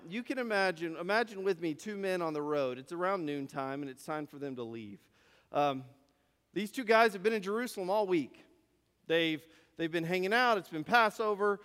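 Male preacher, high voice, narrative sermon with repeated phrases; long church reverb. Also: a bit bright. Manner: storytelling, rhetorical questions, repeats phrases.

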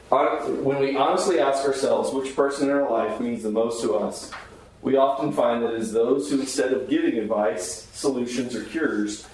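In a very echoey room with faint background hiss, a chaplain with a darkish, mid-range voice teaches a Bible class. His approach is earnest and conversational, and he questions the group as he goes.

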